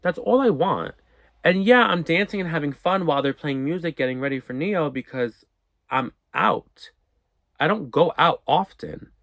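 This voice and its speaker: A young man telling a storytime in a casual, profane, animated way, acting out what people said. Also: fairly high pitch, moderate pace, vocal fry, no echo. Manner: animated, profane, acts out quotes. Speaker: storyteller vlogger.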